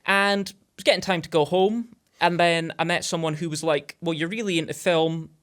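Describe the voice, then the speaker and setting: A young man with a notably high-pitched voice tells a long story as a podcast guest. He rambles, stacks up fillers and gets animated as the tale builds. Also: moderate pace, smooth. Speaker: podcast guest, indie filmmaker. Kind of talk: casual anecdote telling.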